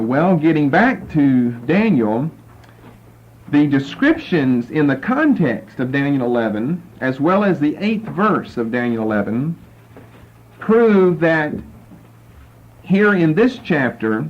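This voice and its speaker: A man's voice: on the high side, very animated, slow. A man teaching a Bible class and patiently walking listeners through verses and Hebrew words. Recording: dull lo-fi lecture recording with faint noise.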